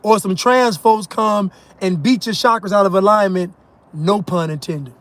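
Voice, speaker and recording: Male commentator, high-pitched, mocking monologue with scoffing laughs. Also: moderate pace, a bit bright. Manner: emphatic, mocking, laughs at his own points. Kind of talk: ranting monologue.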